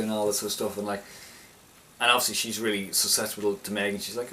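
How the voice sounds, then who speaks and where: Pushed and bright, this young man's low-leaning voice stays level in tone and runs a little fast. He's a film reviewer casually recapping a movie he liked, rambling and restarting sentences with enthusiasm, captured on a slightly distant mic with faint background noise.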